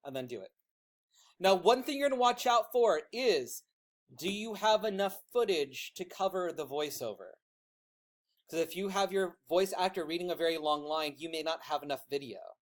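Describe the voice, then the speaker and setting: A man teaching a class how to use software, talking in a loud teacher voice, chatty and informal with plenty of asides. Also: sits high, lively intonation, moderate pace.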